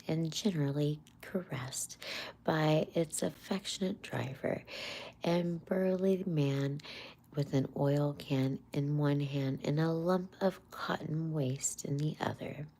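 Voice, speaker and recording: A woman reading a classic children's book aloud on a livestream in a soft, breathy half-whisper. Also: sits low. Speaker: livestream story reader.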